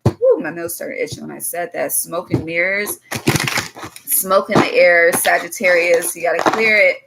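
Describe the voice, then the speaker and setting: A woman's voice: fairly low pitch, lively intonation, measured pace, creaky, heavy background noise. A woman giving a loose, casual tarot reading to her viewers, blunt and swearing freely, drifting into chatty asides. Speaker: tarot reader.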